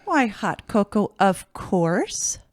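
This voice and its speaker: A woman's voice: mid-range voice, sing-song, slow, dry recording. A middle-aged woman co-hosts a podcast in easygoing, chatty conversation with a playful streak. Her voice sits in a mid range. The sound is dry and close-miked. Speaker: podcast co-host. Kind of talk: casual chat.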